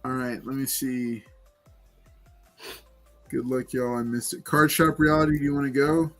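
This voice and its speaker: A man's voice: medium pitch, flat delivery, moderate pace, fairly bright tone, faint music behind. A man hosting a casual livestream chat and giveaway, talking loosely with many fillers. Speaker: livestream host running giveaways.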